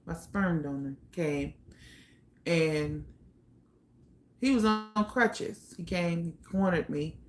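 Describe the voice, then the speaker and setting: A young woman telling her own life story in a candid, blunt way, pausing often with fillers. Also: fairly low pitch, slight background noise. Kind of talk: personal storytelling monologue.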